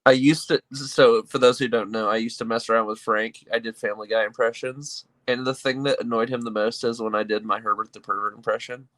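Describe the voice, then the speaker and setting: Bright-voiced man telling stories. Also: mid-range voice, fairly even intonation. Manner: joking, quick storytelling with bursts of impressions. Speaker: streamer co-host. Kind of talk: casual memorial chat. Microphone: close desk mic on stream.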